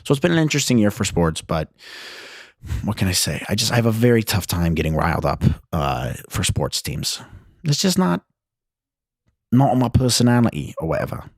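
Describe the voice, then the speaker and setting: A man's voice: sits low, sing-song, brisk, dry recording, clean studio sound. A young man hosting a casual solo podcast, telling a story in a rambling, self-deprecating way and laughing often. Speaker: podcast host. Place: his old high school bedroom.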